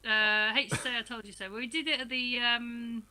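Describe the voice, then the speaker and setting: A woman's voice: on the high side, fairly even intonation, fairly quick, sharp tone. A woman guest musician chatting casually over an online call, self-mocking. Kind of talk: casual chat.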